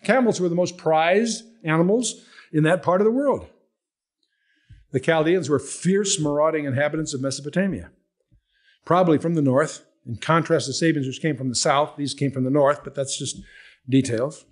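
An older man teaching verse by verse through a Bible book, conversational and animated, acting out the scenes he reads. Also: on the high side, moderate pace.

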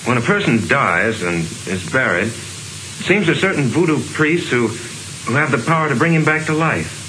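A man's voice: medium pitch, animated, moderate pace, bright, forceful tone, poor audio. An actor playing a man earnestly explaining something in a scene from an old film. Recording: hissy old film audio.

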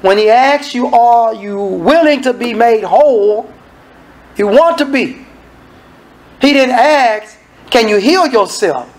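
A man delivers a sermon in a relaxed, colloquial way. He reads scripture, then breaks into casual asides to the congregation. He slips into the voices of the people he describes. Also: extremely high pitch, slow pace, pauses often, poor audio. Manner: conversational, acts out the people in the scripture. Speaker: preacher.

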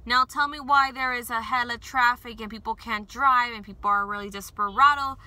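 Bright, high young woman vlogging. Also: fairly even intonation, fairly quick, rough recording. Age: young adult. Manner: emotional, rambling, swings from upbeat to frustrated. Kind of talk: casual vlog while driving. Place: in a car.

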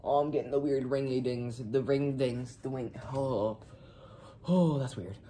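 A man doing a comedic spicy food challenge vlog, talking in a halting deadpan way and coughing from the heat. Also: medium pitch, slight background noise. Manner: slow, halting deadpan delivery between coughs. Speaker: vlogger.

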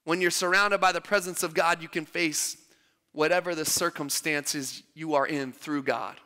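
A man's voice: a little high, fairly even intonation, moderate pace, bright, forceful tone. A man preaching a sermon in a church, emphatic and repeating his phrases for stress. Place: church hall. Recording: long church-hall reverb.

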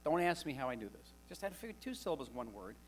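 A man's voice: medium pitch, sing-song, quick pace, a little hiss or hum. A man speaking to a live audience as a guest author, wry and conversational, telling stories with animation. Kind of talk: public talk to an audience. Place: lecture hall with live audience.

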